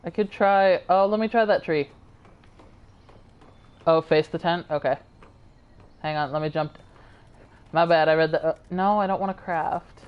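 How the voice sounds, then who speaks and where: A woman's voice: lowish voice, measured pace, long pauses, clear, resonant tone, dull audio. A tired woman streamer chatting casually and rambling to her viewers while she plays a game. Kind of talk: casual live-stream chat.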